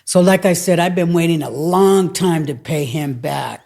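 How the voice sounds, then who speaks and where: A woman's voice: sits low, moderate pace, creaky. A middle-aged woman telling a story in casual chat, acting out what people said. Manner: animated storyteller acting out quotes. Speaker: guest, longshore worker.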